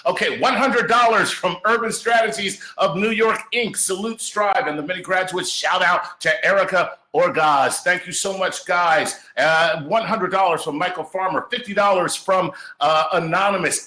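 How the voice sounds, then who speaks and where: A man's voice: high voice, normal speed, few pauses, bright, forceful tone, reverberant. A man hosting a live charity gala stream, reading out donations and cheering viewers on. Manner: upbeat, reads donor messages, cheers on viewers.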